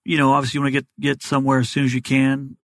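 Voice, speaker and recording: A man's voice: medium pitch, completely flat delivery, a bit bright, dry recording. A man, a doctor as a guest, explaining health matters in plain, practical terms. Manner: fast, plain-spoken explainer. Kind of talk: explanatory interview answers.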